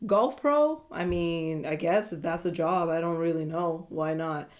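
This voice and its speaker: A woman recapping a reality dating show in a casual, chatty way, animated and gossipy, often breaking into giggles. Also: on the low side, a little slow.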